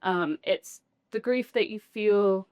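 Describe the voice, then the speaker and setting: A woman hosting a podcast, calmly explaining an idea for listeners in a supportive way. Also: mid-range voice, slow pace, clear, resonant tone, no echo, highs cut off. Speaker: podcast host. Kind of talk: conversational podcast talk.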